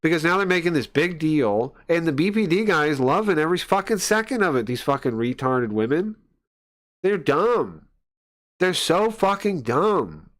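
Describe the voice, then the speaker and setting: A man's voice: a little high, sing-song, normal speed. A man streamer ranting live, heated and profane, with stumbling restarts and scoffing laughs. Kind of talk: profane livestream rant.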